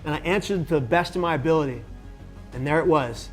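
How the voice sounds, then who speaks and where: A man's voice: fairly high pitch, fast, faint music behind. A man speaking to camera about his own experience, telling it with energy and acting out the lines of other people in the story. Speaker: suicide prevention speaker.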